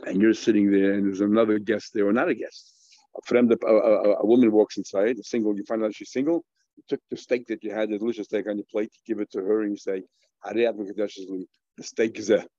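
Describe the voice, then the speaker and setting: A man's voice: lowish voice, warm tone, no echo, highs cut off. A man giving a Talmud lesson in English, peppered with Hebrew and Aramaic terms, asking and answering his own questions with frequent restarts. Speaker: Talmud teacher.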